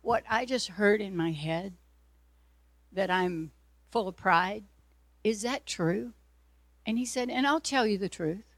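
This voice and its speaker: A woman's voice: mid-range voice, takes it slowly, long pauses, no room sound. A woman preacher giving an earnest sermon testimony, telling her story and acting out her own prayers and God's replies.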